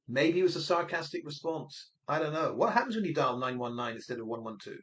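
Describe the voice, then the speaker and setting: A man with a somewhat high voice talks through his theories in a speculative, musing commentary monologue. He often hedges his points and slips into brief impressions of other people. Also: animated, fast, hardly any pauses, a bit bright. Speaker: online commentator.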